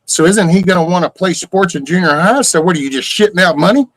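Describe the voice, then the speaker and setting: A man's voice: sits high, fast talker, a bit bright, low-quality recording. Profane older man ranting. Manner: rambling, profane, exasperated rhetorical questions. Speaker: livestream host. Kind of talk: casual ranting chat.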